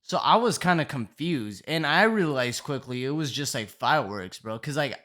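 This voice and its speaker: A man's voice: mid-range voice, animated, moderate pace, pushed and bright. A young man telling a storytime in casual, profane slang, rambling with constant fillers.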